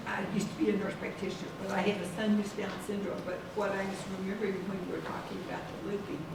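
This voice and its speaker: A woman in the audience sharing a personal story, hesitating and restarting often. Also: medium pitch. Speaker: audience member. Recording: echoey room, far from mic, background noise.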